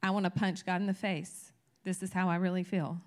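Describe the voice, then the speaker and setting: A woman's voice: on the low side, little pitch movement, brisk, darkish tone. A woman teaching a church congregation in a candid, conversational sermon style, getting emphatic as her energy builds.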